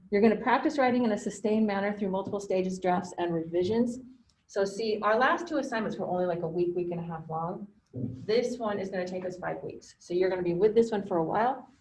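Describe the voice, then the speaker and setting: A woman instructor lecturing her writing class over a video call, her voice mellow and warm. She talks in a loose, conversational way and keeps checking that her students follow along. A faint hiss sits under the sound. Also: medium pitch, rough recording. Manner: conversational, checks in with frequent "okay?".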